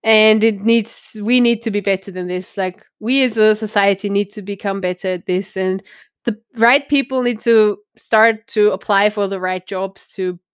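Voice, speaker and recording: A woman's voice: medium pitch, steady tone, normal speed, smooth, dry recording, clean studio sound. A woman co-hosting a casual geek news show, talking in an enthusiastic, giggly way. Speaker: podcast co-host.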